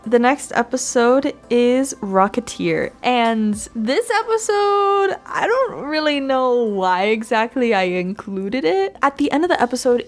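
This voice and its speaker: A woman hosting a casual fan commentary video, chatty and giggly, laughing often as she talks. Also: fairly high pitch. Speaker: fan channel host.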